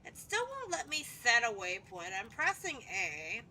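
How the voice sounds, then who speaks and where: A woman's voice: fairly high pitch, wildly swooping pitch, unhurried, pushed and bright, slight background noise, low-quality recording. A woman streaming a video game, chatting playfully and swearing freely with muttered asides, over game music. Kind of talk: casual gameplay commentary.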